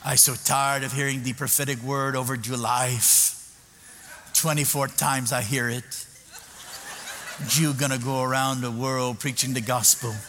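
A man voicing a fierce 65-year-old woman evangelist who speaks halting, broken English and barks orders. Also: medium pitch, steady tone, fairly bright tone, natural voice. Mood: scolding. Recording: echoey hall with background noise.

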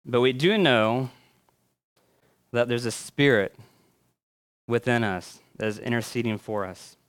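Male pastor, mid-pitched, smooth resonant voice, storytelling that rises and then drops soft, reflective pauses. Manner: storytelling with swells and hushed endings. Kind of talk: sermon.

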